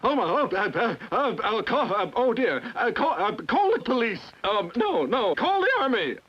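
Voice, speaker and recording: A man's voice: very high-pitched, big pitch swings, normal speed, slightly rough, dull audio, full character voice. A man playing a stammering, flustered cartoon mayor. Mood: panicked. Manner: stammering, panicky. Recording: distant reverberant old film soundtrack.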